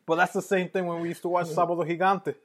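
A man co-hosting a podcast in casual chat, telling stories in a relaxed way and dropping in Spanish phrases. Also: sits high, fast. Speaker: podcast co-host.

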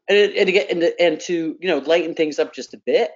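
A middle-aged woman on a radio talk panel telling a family story with animated delivery, repeating words and acting out quotes. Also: lowish voice, fast talker, slightly rough, muffled recording. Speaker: panel guest.

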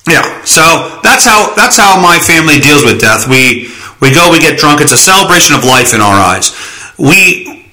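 Bright-voiced man rambling in an echoey room. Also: on the high side. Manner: rambling, joking, profane. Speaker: podcast host. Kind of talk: casual solo podcast monologue.

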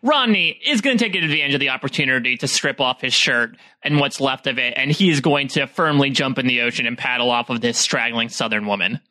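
A man's voice: mid-range voice, a little fast, few pauses, bright, forceful tone. A man playing a tabletop game, bantering in a laid-back, joking way. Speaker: player.

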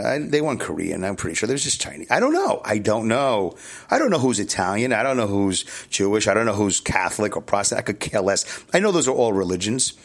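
A middle-aged man from Brooklyn, hosting a podcast alone in a loose, candid ramble, chuckling and correcting himself as he goes. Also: medium pitch. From New York City, Brooklyn. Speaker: podcast host. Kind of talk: casual solo podcast monologue.

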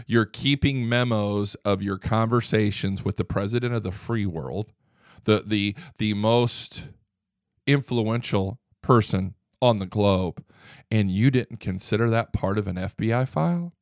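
A man's voice: on the low side, a little slow, no room sound, studio quality. A man hosting a political commentary show, ranting indignantly, swearing freely and stumbling over repeated words when worked up. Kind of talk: opinionated political monologue.

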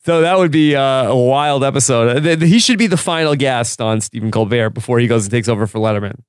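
A man's voice: medium pitch, fast talker, clear, resonant tone, no echo, clean studio sound. A man hosting a casual TV recap podcast, chatty and laughing often. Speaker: podcast host.

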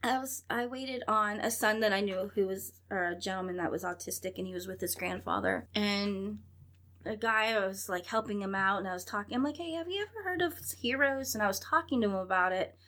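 In a conversational interview, a thirty-something woman earnestly tells her story as a guest, rambling and quoting what she and others said. She speaks a little fast in a mid-range, fairly bright voice.

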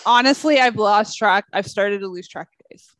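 A woman's voice: mid-range voice, normal speed, fairly bright tone, no room sound. A woman co-hosting a podcast over a remote call, chatting playfully with a teasing, laughing manner. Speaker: podcast co-host. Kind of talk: casual chat. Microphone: headphones over a video call.

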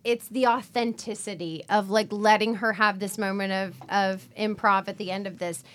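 A woman panel guest in a casual chat who jumps in with playful, quick interjections. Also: medium pitch, steady tone, fairly bright tone.

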